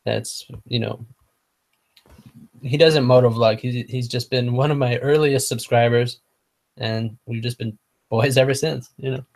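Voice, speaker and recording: A man's voice: mid-range voice, steady tone, measured pace, vocal fry, long pauses, a little mellow. A man hosting a casual online hangout, rambling and swearing a lot, full of fillers, sometimes stumbling over his words. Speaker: motovlog host.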